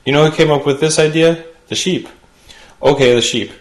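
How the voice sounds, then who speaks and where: A man's voice: fairly high pitch, moderate pace. A man hosting a late-night show, delivering a comedy monologue with punchy jokes and chatty asides. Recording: roomy studio sound.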